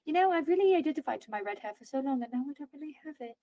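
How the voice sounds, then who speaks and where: A woman's voice: high-pitched, lively intonation, rapid-fire, dark tone, no echo. A woman player chatting playfully and a little dramatically at a tabletop game. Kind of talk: casual chat at a tabletop game.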